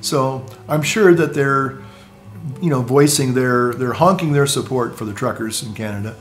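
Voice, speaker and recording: Rambling man with halting restarts. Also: medium pitch, faint music behind. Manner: halting, frequent restarts and asides; chuckles at his own jokes. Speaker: vlogger. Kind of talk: casual rambling monologue.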